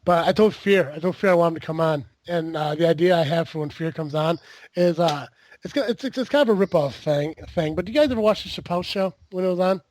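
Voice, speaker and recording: A man's voice: a little high, quick pace, a little mellow, dry recording. A man hosting a podcast in casual chat, rambling with lots of fillers and the odd swear. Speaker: podcast host.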